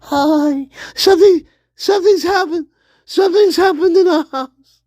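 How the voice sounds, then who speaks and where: A man voicing an eerie, tearful ghostly girl in a high, breathy, wavering voice that keeps repeating its greetings. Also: measured pace, a little mellow. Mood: eerie pleading.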